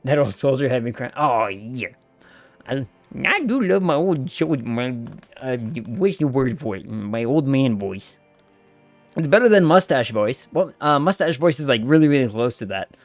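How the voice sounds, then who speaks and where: A man's voice: medium pitch, lively intonation, moderate pace, no echo, faint music behind. A man streaming a game, chatting loosely with viewers and swearing casually. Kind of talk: casual gaming stream chat.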